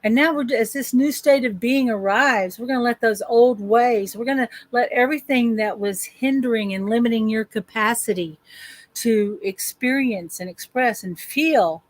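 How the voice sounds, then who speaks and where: A woman life coach leading a guided affirmation session on a group call, speaking slow, drawn-out affirmations with repeated phrases. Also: a little high, no room sound.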